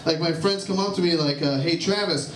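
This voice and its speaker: A man's voice: a little high, fast talker, slight background noise. A man from Ohio doing a stand-up comedy set, chatting and teasing the crowd with lots of "uh" fillers. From Columbus, Ohio. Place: comedy club stage with a live crowd. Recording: roomy club sound from far off, loud ambience.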